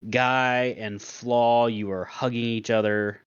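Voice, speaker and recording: A man's voice: mid-range voice, level tone, takes it slowly, smooth, dry recording. Guy running a tabletop game, laughs a lot, dry dull lo-fi sound. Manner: laughs often, playful narration. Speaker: dungeon master.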